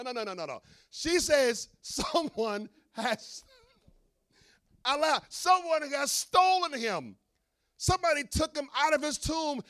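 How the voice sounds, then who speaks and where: A middle-aged man, a pastor, preaching an animated sermon with humorous asides to his congregation. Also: extremely high pitch.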